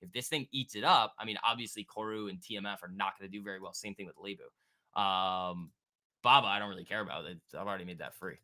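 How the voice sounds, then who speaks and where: A man's voice: low-pitched, quick pace, bright, forceful tone. A man hosting a live stock market stream, chatting casually, joking and reacting to viewers and charts. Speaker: stock trading livestream host.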